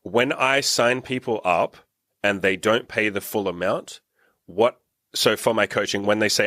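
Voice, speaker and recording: A man's voice: fairly low pitch, normal speed, sharp tone, no echo. Blunt, profane man coaching, dry sound. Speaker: dating and business coach, host. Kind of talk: casual roundtable chat.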